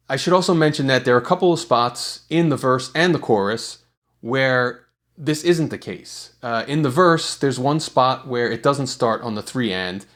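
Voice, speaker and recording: A man explaining songwriting in a casual video tutorial, talking in a relaxed way with lots of small fillers and restarts. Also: medium pitch. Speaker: songwriting teacher.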